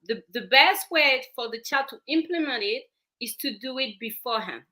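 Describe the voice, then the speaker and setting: French-accented lady on a talk show, bright voice, a bit high, earnest, repeats herself. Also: animated, moderate pace. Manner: earnest, repeats words while explaining. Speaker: parenting expert guest.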